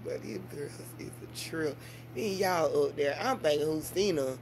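A mother chatting casually to her vlog audience, telling stories with big swings in pitch and loudness. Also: moderate pace, background noise. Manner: animated storytelling with big swings in pitch and volume. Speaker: mother and vlogger.

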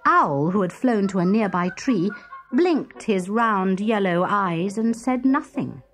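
Lady storyteller, slow, sing-song voice, music playing behind. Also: mid-range voice. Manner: gentle, expressive read-aloud. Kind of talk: scripted storybook narration.

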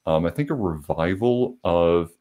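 Low-voiced guy from south carolina hosting a podcast, easygoing, lots of ums. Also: animated, warm tone. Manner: unhurried storyteller, frequent filler pauses. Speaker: podcast host. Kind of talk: casual conversation.

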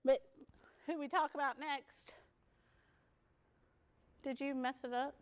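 A woman's voice: high voice, fairly even intonation, takes it slowly, a little hiss or hum. A woman giving a peer support workshop at a conference, chatty and joking, laughing often. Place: conference session room.

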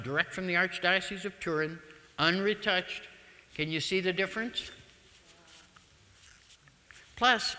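A man, telling stories through a public talk in a humorous, animated manner. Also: on the high side. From United States. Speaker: lecturer. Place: lecture hall. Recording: long reverb of a lecture hall.

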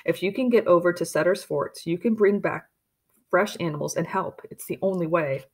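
A woman's voice: fairly low pitch, normal speed, slightly rough. A pleading pioneer mother, read by a woman. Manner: urgent, pleading.

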